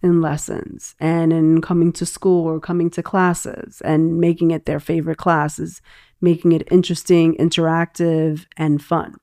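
A middle-aged woman, a teacher, speaking as a guest in a casual podcast interview, thoughtful and pausing often with "um". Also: sits low, flat delivery, mellow. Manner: thoughtful, many "um" pauses.

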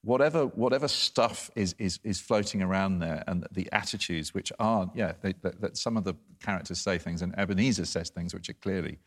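A man with a very deep, low voice talks about a novel in a relaxed discussion. He stumbles and restarts often, repeating words as he feels his way toward a point. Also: brisk, hardly any pauses. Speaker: book discussion panelist. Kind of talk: casual literary discussion.

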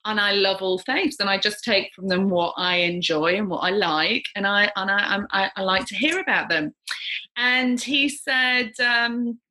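This is a middle-aged woman, a psychic medium recounting an uncanny experience in conversation. Her voice is bright and forward, and she tells it with lively storytelling energy. She gasps and swoops her pitch to play the people in her tale. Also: measured pace. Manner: lively, gasping, acts out quoted voices.

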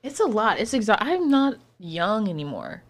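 A woman's voice: medium pitch, big pitch swings, normal speed. A woman in her late twenties co-hosting a podcast in casual chat, blunt and sarcastic with a worn-out edge. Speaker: podcast co-host.

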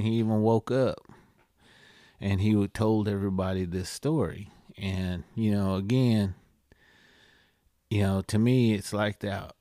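A deep-voiced man chats casually on a podcast, wandering through his story with lots of pauses and "you know"s. The sound is dry and close, with no room echo. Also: mellow. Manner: rambling, halting, many "you know" fillers. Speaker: podcast co-host.

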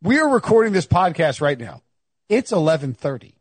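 High, husky-voiced man hosting a podcast. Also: a little fast, dry recording. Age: adult, married. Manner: animated, exasperated riffing with stumbles and restarts. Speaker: podcast host. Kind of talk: casual sports podcast chat.

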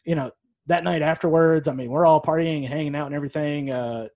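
Casual male podcast co-host, slightly high voice, rambling and profane, close dry mic. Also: steady tone, fast talker, darkish tone, no room sound, lo-fi sound. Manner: laid-back, profane, rambling. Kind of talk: casual chat.

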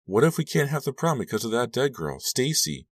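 A man's voice: medium pitch, sing-song, brisk, slightly rough, no room sound, pitched above the performer's own voice. Rachel, a man voicing a bitter teen girl. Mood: sarcastic. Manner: sarcastic, bitter.

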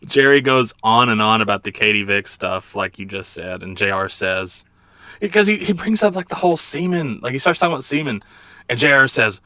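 A male podcast co-host recapping events in casual, laughing chat. His voice is bright and moves a lot in pitch, recorded close and dry with no room sound. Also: expressive, no echo. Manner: laughing, quick play-by-play.

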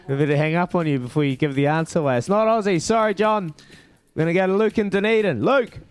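A man's voice: high-pitched, a little fast, clean tone, no room sound. Upbeat New radio host, man. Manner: upbeat, matey banter with callers. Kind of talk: radio phone-in quiz.

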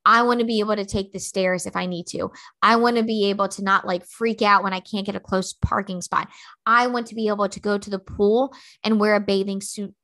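A woman's voice: medium pitch, steady tone, a little fast, fairly bright tone. A woman in her thirties hosting a motivational podcast, talking bluntly and emphatically with lots of fillers. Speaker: podcast host.

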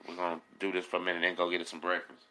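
A man hosting a casual live stream, urging viewers in relaxed slang. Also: low voice, racing, low-quality recording.

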